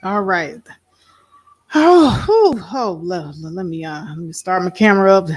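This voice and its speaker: A woman's voice: on the low side, fairly quick. A woman hosting a live panel, casual and exclaiming as she thanks and introduces guests. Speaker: host.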